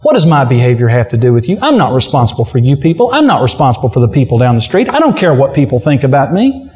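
A man's voice: medium pitch, big pitch swings, fast, darkish tone, in a large hall, voice pushed down, natural voice. A preacher voicing a careless, defiant man who rejects responsibility for others. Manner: dismissive, defiant.

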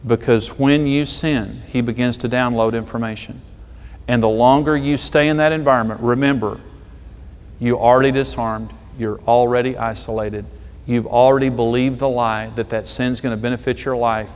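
A middle-aged man, a pastor, preaching a sermon with emphatic delivery and stories told with dramatic pauses. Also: mid-range voice, steady tone, clean tone. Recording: long hall reverb.

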